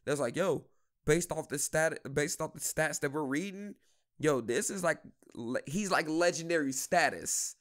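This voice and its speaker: A man co-hosting a podcast, talking casually and animatedly in slang about a movie. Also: on the high side. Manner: animated, slangy, quick bursts. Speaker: podcast co-host. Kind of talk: casual chat.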